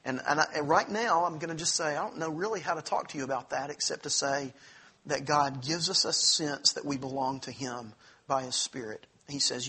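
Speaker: man. Role: Bible class teacher. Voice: forceful, husky, fairly high. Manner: earnest, conversational. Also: moderate pace. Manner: earnest, conversational, with frequent restarts and asides.

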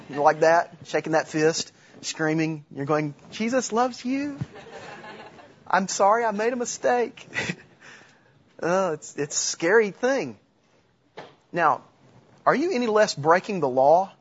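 Middle-aged male preacher, husky and slightly high, chatty sermon delivery with rhetorical questions. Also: highs cut off. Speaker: pastor.

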